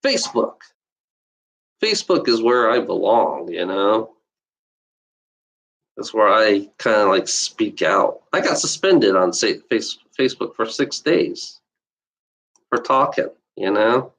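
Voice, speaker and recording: Man ranting profanely, slightly low voice. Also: very animated, slow pace, gravelly, pauses often, fairly bright tone, rough recording. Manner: profane, repetitive, heated, constant "you know". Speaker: livestreaming video blogger. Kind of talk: unscripted rant to camera.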